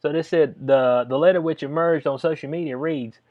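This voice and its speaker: A man's voice: on the high side, fairly even intonation, a little fast. A man giving casual spoken commentary, reading a letter aloud and reacting in a drawling, conversational way. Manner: drawling, conversational, addresses listener as "bud". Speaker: video commentator. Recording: dull lo-fi sound.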